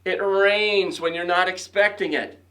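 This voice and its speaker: A man's voice: sits high, fairly even intonation, unhurried, bright, forceful tone. A man doing a grumpy storybook rabbit. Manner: grumbling, complaining. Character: grumpy, cranky male rabbit who dreads spring. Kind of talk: storybook read-aloud.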